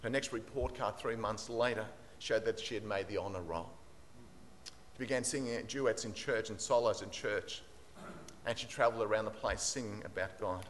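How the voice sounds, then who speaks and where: A man's voice: on the low side, moderate pace, a little hiss or hum. A man preaching a sermon, retelling a testimony aloud and building emphasis on the key words. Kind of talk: sermon storytelling. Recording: long reverb in a large hall.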